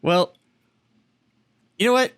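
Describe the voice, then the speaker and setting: A man's voice: slow, a bit bright, dry recording. A man co-hosting a podcast in casual, profane chat. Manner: profane, hearty. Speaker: podcast co-host.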